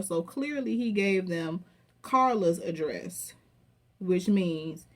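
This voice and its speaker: Woman, casual recap, profane, animated, mid pitch. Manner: animated, profane, acts out quotes with laughter. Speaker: reality TV recapper.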